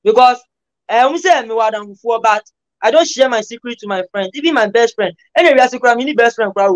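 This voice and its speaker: A man with a Ghanaian accent trades playful banter as an interview guest. His voice sits high. He talks in a loose, rhythmic way and keeps breaking into chanted freestyle lines. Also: animated, brisk, muffled recording. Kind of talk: casual interview banter mixing Ghanaian Pidgin and Twi.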